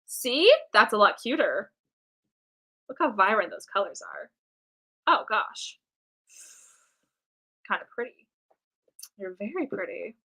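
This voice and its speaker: A young American woman chats casually during a drawing livestream, rambling and self-mocking with plenty of ums and thoughts that trail off. Her mid-range voice is sing-song, slow, bright and pushed, with frequent pauses and poor audio quality.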